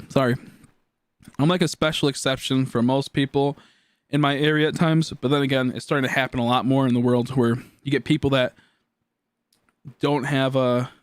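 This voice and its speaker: A man's voice: medium pitch, clear, resonant tone, no room sound, studio quality. A young man chatting casually on a live stream, rambling and swearing as he talks through his life. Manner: rambling, restarts often, swears when worked up.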